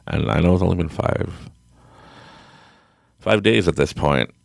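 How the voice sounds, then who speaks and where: A man's voice: low voice, unhurried, vocal fry, no room sound, studio quality. A man in his late thirties telling a personal story on a podcast in a rambling, frank and emotional way, often restarting his sentences. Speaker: podcast guest.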